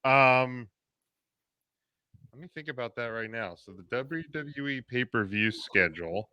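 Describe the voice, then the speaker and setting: A man co-hosting a casual talk show, his voice smooth and resonant, recorded close and dry with no room around it. He talks in long, opinionated runs, restarting his sentences as he goes. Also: mid-range voice, expressive, measured pace, bright, forceful tone, dry recording. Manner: rambling, full of restarts and fillers, opinionated. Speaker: podcast co-host. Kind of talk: casual wrestling podcast chat.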